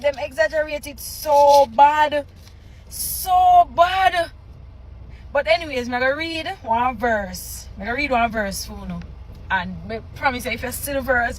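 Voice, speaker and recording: Jamaican woman vlogger, high and bright, unhurried, exasperated reaction commentary. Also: slight background noise. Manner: animated, exasperated, spells words out loud.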